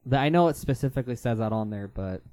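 A man co-hosting a casual chat, chatty and quick to jump in. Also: mid-range voice, lively intonation, dark tone, no echo.

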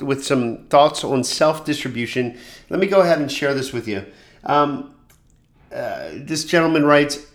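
A man hosting a solo podcast for filmmakers, talking in a conversational and fairly monotone way, with many fillers and restarts. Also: on the high side. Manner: calls his own voice monotone. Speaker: podcast host.

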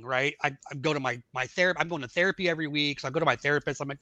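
A middle-aged man telling his life story in a casual podcast chat, acting out the dialogue of the people in it with animated voices. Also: a little high, rapid-fire, few pauses, dry recording. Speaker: podcast guest.

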